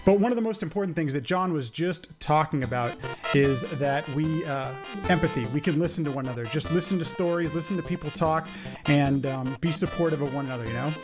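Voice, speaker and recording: Man, high voice, upbeat, chatty, explains gameplay live, game music behind. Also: brisk. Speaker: speedrunner. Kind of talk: live stream commentary. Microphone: quiet home streaming mic.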